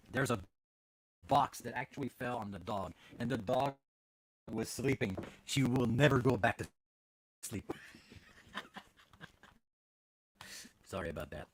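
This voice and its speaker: Recording at home with his dog beside him, a podcast host from Canada chats casually, wandering with lots of fillers and restarts. He speaks in a mid-range voice with no echo.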